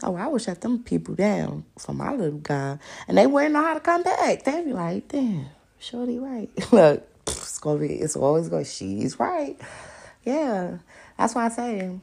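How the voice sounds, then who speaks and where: A woman's voice: medium pitch, moderate pace, creaky, husky. A woman hosting a podcast, talking bluntly and with profanity in a casual monologue, often laughing as she tells stories. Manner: animated storyteller. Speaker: podcast host.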